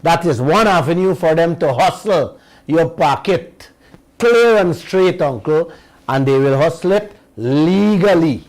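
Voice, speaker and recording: Slow, emphatic Guyanese radio host. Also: male voice, fairly high pitch, lively intonation, darkish tone, poor audio. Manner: folksy, emphatic, addresses listeners as uncle and auntie. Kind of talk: talk radio commentary.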